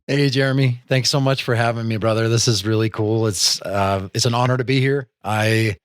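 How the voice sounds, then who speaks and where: Man, podcast guest, friendly, laid-back, smooth resonant voice, dry sound. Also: medium pitch, fairly even intonation, moderate pace, no echo. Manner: friendly, laid-back, calls the host brother. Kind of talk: casual podcast interview.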